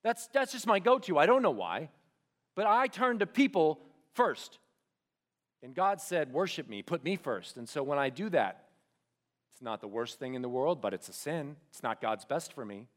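Male preacher, slightly high voice, very lively swings, quiet emphatic drops, questions to the room. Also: moderate pace. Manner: animated, drops to soft emphatic lines; asks the audience questions directly. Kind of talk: sermon.

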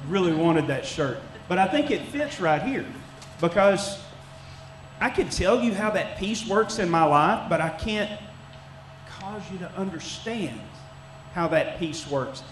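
High-voiced man preaching in an echoey church. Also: animated, a little slow. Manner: conversational, folksy, with many restarts and fillers. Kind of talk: sermon. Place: church sanctuary. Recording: echoey church room, faint background noise.

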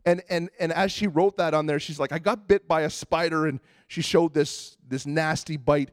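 High-voiced animated male preacher. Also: moderate pace, no echo, clean studio sound. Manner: animated storytelling, acting out quoted voices. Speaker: pastor. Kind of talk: sermon.

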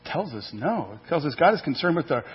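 A male pastor preaching a sermon, animated, with rhetorical questions and acted-out asides. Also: fairly high pitch, fast talker, husky. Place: church sanctuary. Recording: muffled church hall recording with long reverb.

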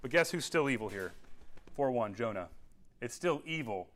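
A man's voice: medium pitch, expressive, normal speed, a bit bright. A man, teaching a casual Bible lesson to young people and often checking in with his listeners. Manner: conversational, checks in with "all right?" and "okay?". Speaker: youth pastor.

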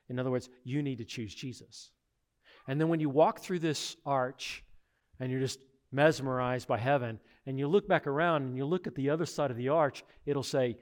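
A man preaching a sermon, retelling stories with acted-out voices and swinging from loud to hushed. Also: medium pitch, normal speed. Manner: animated storytelling with acted-out voices. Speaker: pastor.

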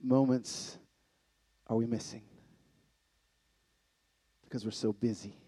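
A man preaching a sermon in an animated way, swinging from loud bursts to hushed lines. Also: medium pitch, takes it slowly, slightly rough, dry recording. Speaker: conference speaker.

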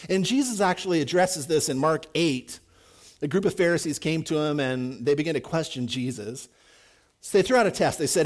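High-voiced preacher giving a sermon. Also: male voice, brisk. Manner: conversational, emphatic, acts out quotes. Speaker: pastor.

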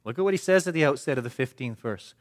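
A man preaching a sermon, asking the congregation questions and answering them himself, swinging from emphatic to hushed. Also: mid-range voice, lively intonation, quick pace.

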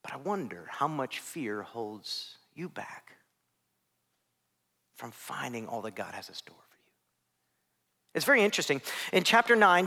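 A man in his thirties from Ohio, preaching a sermon as a youth pastor, acting out voices with big swings from soft to loud. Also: sits high.

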